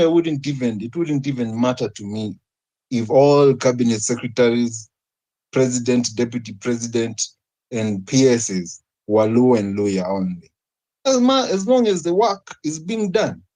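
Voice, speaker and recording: A man's voice: medium pitch, dark tone, rough recording. A man with a Kenyan accent making an earnest argument in a panel debate, posing rhetorical questions. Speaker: debate participant.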